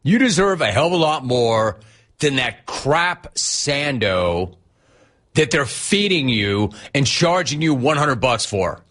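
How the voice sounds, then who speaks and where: A man's voice: mid-range voice, big pitch swings, takes it slowly, fairly bright tone. A man hosting a sports radio show, ranting sarcastically and incredulously at a player. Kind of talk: ranting sports talk monologue.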